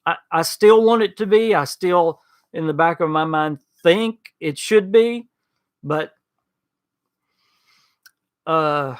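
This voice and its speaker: Speaking slowly with frequent pauses, a man with a slightly high voice hosts a gaming podcast livestream. He rambles casually, trips over restarts, and reads live chat, answering messages by name.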